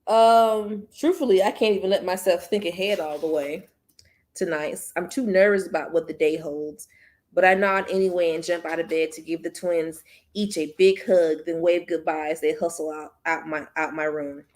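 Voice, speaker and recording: A woman's voice: lowish voice, steady tone, normal speed, darkish tone. A woman hosting a book club channel, reading a novel aloud in first person and breaking off for chatty asides to viewers. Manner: chatty, slips and restarts, speaks to viewers as y'all.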